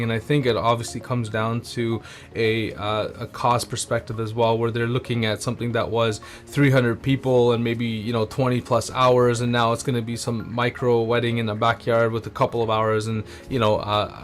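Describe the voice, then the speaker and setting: A man who is a wedding photographer, talking as an interview guest in an agreeable, relaxed way with fillers. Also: medium pitch. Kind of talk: casual interview chat.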